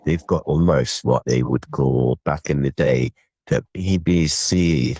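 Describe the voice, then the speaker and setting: Very deep gravelly British man, crude banter. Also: slow, darkish tone, no echo, studio quality. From Britain. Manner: slangy, flirtatious, rambling. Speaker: caller on a livestream.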